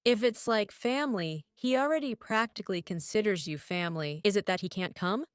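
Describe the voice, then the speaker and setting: A woman's voice: mid-range voice, fairly quick, clean tone, no echo, clean studio sound. A woman giving a tarot reading, musing aloud and repeating herself as she talks straight to the viewer. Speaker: tarot reader.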